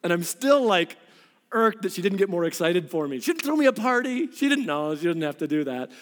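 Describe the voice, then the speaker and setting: A man in his thirties delivers a sermon in a big hall, his voice sitting on the high side. He preaches with lively, animated storytelling, his pitch shooting up when he gets worked up. A long reverb trails his words through the room. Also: brisk. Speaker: pastor.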